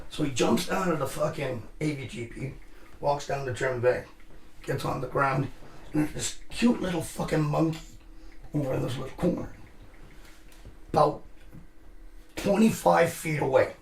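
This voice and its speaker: A man with a raised, gravelly voice tells a profane war story in casual chat. He swears freely and acts out the people he quotes. He sounds like he's in a roomy, echoing space. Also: a little high, moderate pace, pauses often, a little hiss or hum. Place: live show room.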